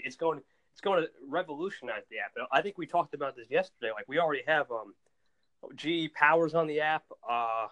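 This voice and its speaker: Man, podcast host, casual chat, excitable, animated, higher pitch, stumbling restarts. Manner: stumbles and repeats words.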